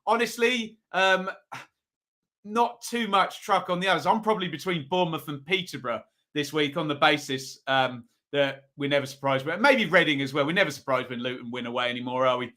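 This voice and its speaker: A man hosts a relaxed football review stream. He chats with viewers and reads out their votes between frequent ums. His voice is bright and a little higher than average. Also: a little fast. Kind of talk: casual live-stream commentary.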